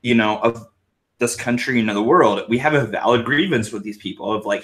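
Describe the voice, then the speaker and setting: A man's voice: medium pitch, brisk. A drunk man rambling and swearing freely as a guest on a casual livestream panel, speaking over a computer mic. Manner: rambling, swearing, animated hand gestures. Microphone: computer mic on a video stream.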